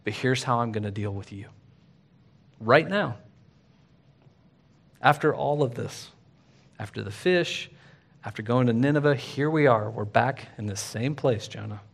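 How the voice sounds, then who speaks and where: A man voicing God as patient and compassionate, speaking gently and earnestly to a stubborn prophet. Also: medium pitch, a little slow, gravelly, long pauses. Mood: gentle. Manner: gentle, earnest, plainly spoken.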